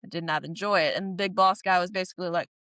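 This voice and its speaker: A woman's voice: lowish voice, steady tone, racing, a bit bright, no room sound. A woman co-hosting a podcast, recapping a TV show in casual chat, laughing often and acting out characters' lines. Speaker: podcast co-host.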